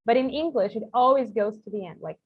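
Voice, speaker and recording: A woman's voice: fairly high pitch, fast talker. A woman with a Russian accent teaching an online English lesson, explaining with examples and many "like" fillers. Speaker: English tutor for coaches. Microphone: video call. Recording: husky voice over a tinny call line.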